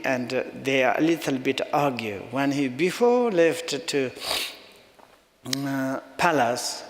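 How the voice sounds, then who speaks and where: A man giving a Buddhist teaching in halting, non-native English, often chuckling as he tells jokes. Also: mid-range voice. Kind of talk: dharma teaching talk. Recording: long reverb in a hall.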